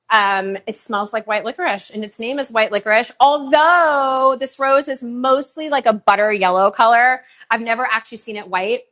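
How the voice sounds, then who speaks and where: Woman, live-stream sales host, chatty with many fillers, voice a touch high. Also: fairly bright tone. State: tearful. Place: rose farm, humid.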